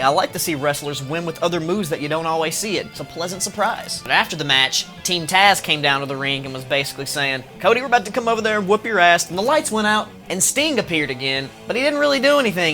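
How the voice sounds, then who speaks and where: A man hosting a casual wrestling recap, profane and animated, laughing often and mimicking wrestlers in quick bursts. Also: fairly high pitch. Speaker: wrestling review host.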